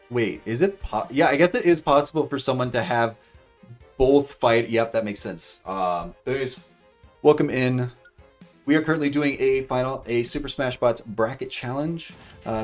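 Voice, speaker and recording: A man casually commentating computer-controlled fighting game matches for viewers, rambling with fillers and bursting into excitement at big moves. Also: mid-range voice, far from the mic. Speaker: streamer commentating AI fight bracket.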